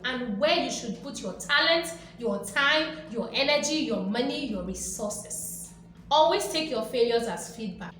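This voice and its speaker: With a sharp tone and a voice on the higher side, this woman hosts a motivational video, hammering points home through repetition and playful acted-out quotes. Faint background noise sits under heavy room echo.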